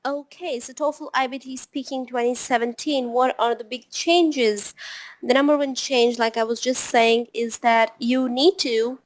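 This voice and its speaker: A woman tutoring test preparation in an informal online lesson, chatty and often ending her points with a quick tag question. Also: fairly high pitch, fairly even intonation.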